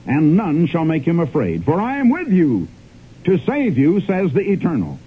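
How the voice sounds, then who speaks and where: A man's voice: on the high side, wildly swooping pitch, normal speed, a little hiss or hum. A man preaching an old radio sermon in an emphatic, swooping cadence, often calling out to his friends. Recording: tinny old radio broadcast.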